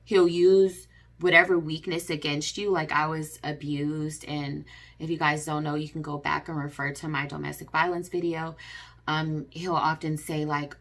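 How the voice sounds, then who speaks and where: A woman's voice: low voice, level tone, normal speed, a bit bright. A woman talking to camera in an earnest, repetitive way, with many fillers and restarts. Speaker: vlogger. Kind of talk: personal advice vlog.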